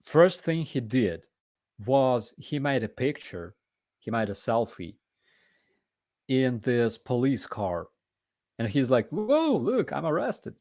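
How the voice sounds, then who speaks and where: A man's voice: medium pitch, a little mellow, dry recording. A man from Ukraine with a Ukrainian accent, hosting a live Q&A chat in an emphatic, conversational way. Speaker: host.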